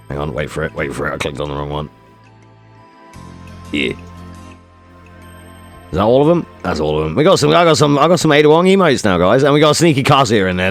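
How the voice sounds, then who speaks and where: A male streamer with a mid-range voice chats casually with his viewers, joking around, swearing a lot, and reacting to chat. The recording is dry, and the talk is casual live-stream chatter.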